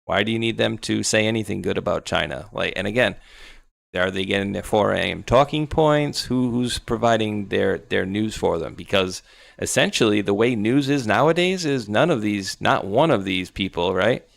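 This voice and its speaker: A man's voice: lowish voice, normal speed, gravelly, no echo. A man co-hosting a talk show, chatting loosely and rambling with sarcastic asides. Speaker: podcast co-host. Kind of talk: casual political chat.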